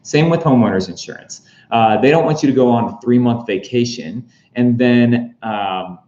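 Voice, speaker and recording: A man's voice: mid-range voice, normal speed, warm tone. Casual guy explaining money stuff, lots of ums, mid voice, echoey room, kinda dull audio. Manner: chatty, filler-heavy, jokey asides. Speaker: real estate explainer host. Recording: roomy, slightly dull recording.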